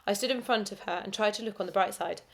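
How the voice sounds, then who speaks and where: A woman teacher reads a children's story aloud at an ordinary pitch. She is expressive and lively in her storytelling, and she drops to a hushed whisper for the asides. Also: fast, creaky. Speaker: primary school teacher.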